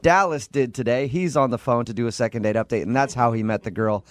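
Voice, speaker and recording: A man hosting a morning radio show, tossing out jokes and ribbing his caller. His pitch sits in the middle range, and his delivery is loose and playful. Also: fast. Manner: joking, teasing, goofy. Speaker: radio host.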